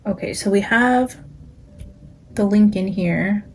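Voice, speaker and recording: A woman's voice: mid-range voice, slow, a little mellow, a little hiss or hum. A young adult woman with a Californian accent, a psychic tarot reader chatting casually with her viewers and praying aloud. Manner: chatty, talks straight to viewers as "guys". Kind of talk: casual chat with viewers and spoken prayer.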